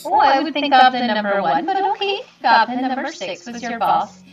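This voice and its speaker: Eager high-voiced woman, distant and roomy. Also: sing-song, a little fast, faint music behind. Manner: kind, eager, chatty. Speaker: player. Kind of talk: tabletop game role-play. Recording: roomy, distant, dull sound.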